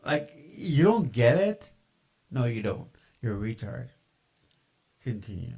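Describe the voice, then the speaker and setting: A man's voice: medium pitch, big pitch swings, slow pace, creaky, a little mellow, slightly rough. A man lecturing in a profane, ranting podcast monologue, full of fillers and insults.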